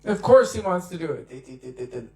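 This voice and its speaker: A man gives a devotional talk in a fairly high voice. He tells stories in an animated way and acts out the lines he quotes. The sound rings in an echoey room. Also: slow, gravelly. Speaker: devotional speaker.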